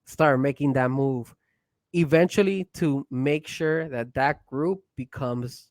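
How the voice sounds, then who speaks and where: Excitable man with a dry close sound. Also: medium pitch, takes it slowly, no room sound. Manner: excitable, pushy, raises voice when hyped. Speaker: co-host. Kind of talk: casual wrestling podcast chat.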